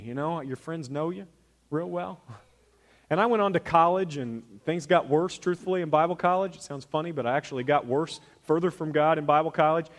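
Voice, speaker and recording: A male pastor giving a candid, conversational sermon, laughing at himself and swinging from soft asides to loud emphasis. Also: fairly high pitch.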